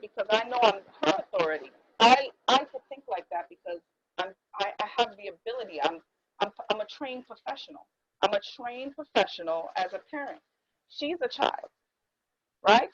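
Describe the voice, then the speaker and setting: A woman's voice: medium pitch, lively intonation, unhurried, highs cut off. A woman in her thirties hosting a casual panel discussion, emphatic and repetitive, acting out the words of others as she makes her points. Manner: emphatic, repeats herself, acts out quoted speech. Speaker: podcast host.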